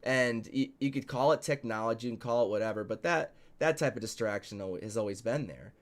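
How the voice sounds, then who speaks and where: A man's voice: mid-range voice, brisk. Profane, emphatic male podcast host. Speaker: show host and promoter. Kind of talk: casual podcast chat.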